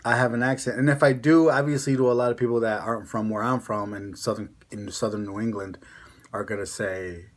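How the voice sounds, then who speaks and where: A man's voice: lowish voice, fairly even intonation, fairly quick. A young man with a Connecticut accent chatting casually to camera as a vlogger, rambling with lots of fillers. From Connecticut, USA.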